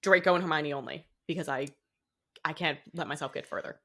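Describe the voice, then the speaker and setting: This Boston-area podcast co-host is a young woman whose voice sits low, with a bright, forceful tone and a brisk pace. Her casual chat is rambling, full of self-interruptions and frequent laughter.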